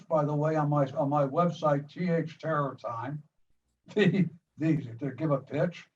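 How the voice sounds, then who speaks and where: In an interview, an older American filmmaker with a fairly high voice recounts making a film, bringing the scenes to life in animated detail. He restarts often and repeats words as he goes. The recording is distant and muffled, with a faint hiss behind him.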